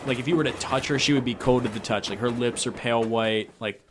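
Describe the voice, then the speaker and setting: A man's voice: medium pitch, fast, background noise. Rambling young male game master. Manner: rambling, filler-heavy description. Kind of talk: narrating a tabletop game.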